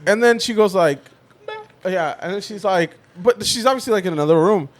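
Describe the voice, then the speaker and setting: A man's voice: high voice, brisk. A young man on a podcast, telling a story in casual chat, swearing and acting out the voices of the people in it. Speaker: podcast co-host.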